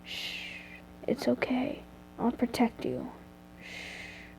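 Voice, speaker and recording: A woman reading aloud and voicing a gentle, caring young man, speaking softly and in a hush. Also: a little high, sing-song, unhurried, slight background noise, low-quality recording. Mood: soft concern. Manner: soft and hushed.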